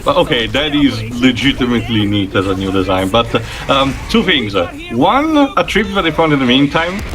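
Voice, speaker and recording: A man's voice: mid-range voice, lively intonation, fairly quick. A man co-hosting a gaming chat, rambling through trivia with many fillers. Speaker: co-host.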